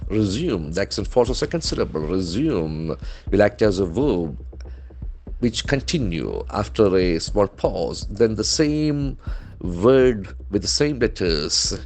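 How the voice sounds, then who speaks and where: A man's voice: fairly low pitch, big pitch swings, takes it slowly, a little mellow, slight background noise. A man teaching vocabulary from newspaper headlines, spelling words letter by letter and modeling their pronunciation. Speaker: English trainer.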